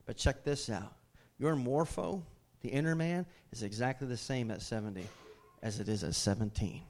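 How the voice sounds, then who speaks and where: A man's voice: mid-range voice, moderate pace, a little mellow. A male pastor, preaching a sermon that moves from easy teaching to fervent, raised delivery. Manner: builds from conversational teaching to impassioned raised preaching.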